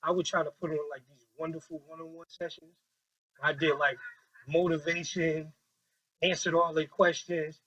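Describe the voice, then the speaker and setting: A man leading a training workshop with a group, talking in a lively, joking way and acting out quoted voices on a handheld mic. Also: fairly high pitch, moderate pace, low-quality recording.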